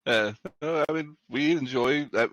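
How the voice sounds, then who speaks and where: A man's voice: medium pitch, normal speed, fairly bright tone, dry recording, poor audio. A man co-hosting a talk show, speaking in a plain, matter-of-fact way. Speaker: co-host. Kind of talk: casual chat.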